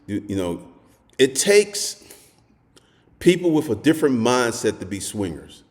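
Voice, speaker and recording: A man gives dating advice in a blunt, profane monologue. His voice swings widely in pitch as he spins stories and sometimes bursts into shouting. The sound carries a long reverberant tail from the room. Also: unhurried. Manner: crude, animated storytelling, swings to shouting.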